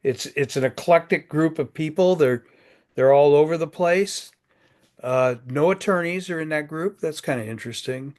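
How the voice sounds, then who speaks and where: Older guy running a weekly networking call, kinda high voice, jokey and folksy, stumbles over words a lot. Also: normal speed, darkish tone. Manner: folksy, joking, repeats words. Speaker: networking group host. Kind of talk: casual group video call.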